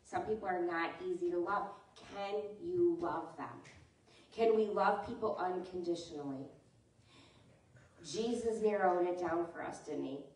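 A woman's voice: lowish voice, unhurried, a little mellow. A woman pastor giving a conversational sermon, often asking her congregation questions. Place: church sanctuary. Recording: echoey church hall, mic at a distance.

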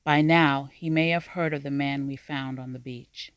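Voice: mid-range voice, fairly even intonation, moderate pace, a bit bright, clear, resonant tone, no echo, natural voice. A narrator voicing a grave older man, an uncle and leader, speaking in a strained, serious way.

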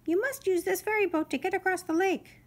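A woman voicing a tiny, bossy male mosquito ferryman, shrill and insistent. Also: a little fast.

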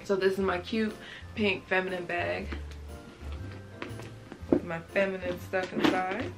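A woman's voice: lowish voice, fairly even intonation, a little slow, loud music behind the voice. A young woman showing what's in her bag to her viewers, chatty and casual, calling them y'all. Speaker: beauty vlogger. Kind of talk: casual show-and-tell vlog.

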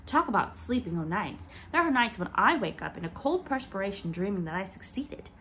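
A woman reading the part of a playful, imaginative young mother who protests brightly. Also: mid-range voice, sing-song, fairly quick, a little hiss or hum.

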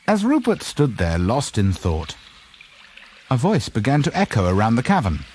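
Lively male storybook narrator. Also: mid-range voice, moderate pace, a little hiss or hum. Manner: lively, expressive read-aloud delivery. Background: background music.

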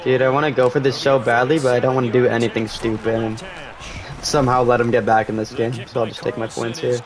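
Young male gamer, excitable, swears freely, game crowd roaring behind. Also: mid-range voice, fast. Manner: excitable, swears, yells at big plays. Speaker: gaming streamer. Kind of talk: live game commentary.

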